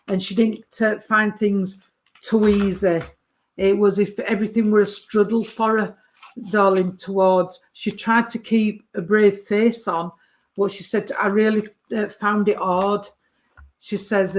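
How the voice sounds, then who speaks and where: A woman, giving a medium's reading from a photo and calling the sitter sweetheart and darling. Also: mid-range voice. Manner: warm endearments, calls the sitter sweetheart and darling.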